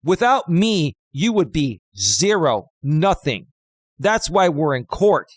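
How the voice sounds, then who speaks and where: A man's voice: fairly high pitch, big pitch swings, takes it slowly, no echo. A man hosting a livestream, ranting in a combative, taunting way and repeating himself for emphasis. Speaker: livestream host. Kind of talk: confrontational livestream rant.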